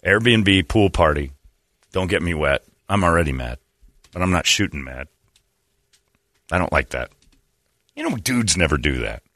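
A man in his thirties in a casual comedic chat, mocking and quick to slip into high falsetto voices for people in his stories. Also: expressive, a bit bright, dry recording, studio quality. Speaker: podcast co-host.

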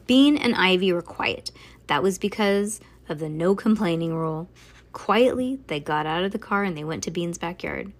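A woman reading a children's book aloud, with casual chatty asides between passages. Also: lowish voice. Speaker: storybook reader.

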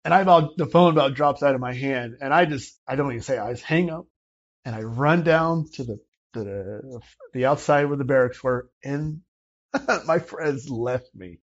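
Man, storytelling interview guest; animated, acts out quoted dialogue; dull lo-fi sound. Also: mid-range voice, moderate pace. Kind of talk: casual personal storytelling.

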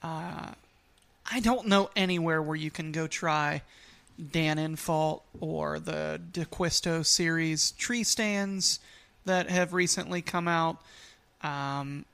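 A man co-hosting a podcast in relaxed, joking casual chat. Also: fairly high pitch, takes it slowly, gravelly, smooth. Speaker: podcast co-host.

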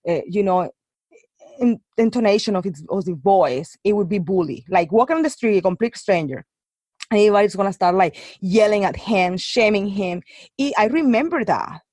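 A woman's voice: mid-range voice, normal speed, no room sound. Chatty woman with dry close sound. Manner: animated storytelling, many fillers and restarts. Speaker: guest. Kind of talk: casual chat.

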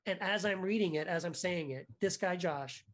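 A man guest on a podcast, telling a story in a casual, animated way, full of restarts and "right?" asides. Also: sits high, normal speed. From United States.

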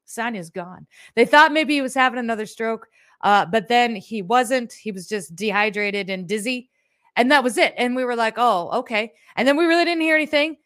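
Chatty woman hosting her live stream, kinda high voice, sassy and swears, dry close mic. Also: brisk, a bit bright, no echo. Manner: sassy and chatty, with profane asides. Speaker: host of a live show. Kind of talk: casual live-stream chat.

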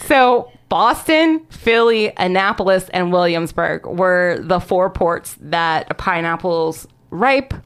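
A young woman casually telling a story on a podcast, animated, swearing and laughing often. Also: fairly low pitch, slow pace, few pauses, smooth. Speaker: podcast host presenting research. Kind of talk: casual chat.

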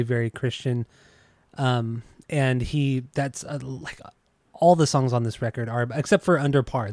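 A podcast co-host chatting in a relaxed, teasing manner, stopping often to search for words. His voice is at an ordinary pitch for a man. The recording is dry and close. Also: no echo. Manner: relaxed, teasing, hesitant fillers. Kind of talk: casual music podcast chat.

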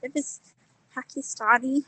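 A woman's voice: sits high, fairly even intonation, measured pace, pushed and bright, low-quality recording. A woman with a Northern English accent calling in, out of breath from walking, talking frankly with lots of fillers. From Northern England. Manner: frank, laughing, many fillers. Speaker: caller. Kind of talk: casual phone call.

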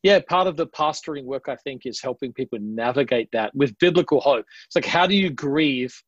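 A man's voice: medium pitch, animated, a little fast, no echo, highs cut off. A man with an Adelaide Australian accent, a pastor talking earnestly and casually in a podcast interview. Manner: earnest, reflective, casual with slang.

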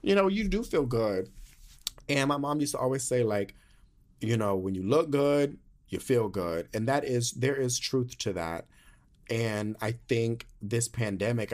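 A young man speaks in a sassy, animated podcast monologue, heavy on slang and playful swearing. His voice sits at an ordinary middle pitch and carries a casual, confiding tone, as if chatting with listeners. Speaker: podcast host.

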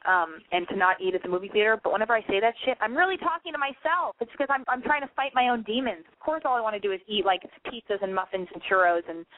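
A young woman hosts a call-in show, chatting casually and rambling, swearing often and filling her speech with "like." Her voice is mid-range, and the recording is dry and tinny, like a phone line.

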